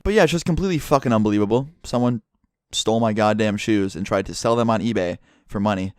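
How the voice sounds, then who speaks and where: Young male YouTuber, casual storytime delivery, heavy swearing, mid-pitched voice, dry close sound. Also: quick pace, clear, resonant tone, dry recording. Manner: profane, animated storytelling with acted quotes.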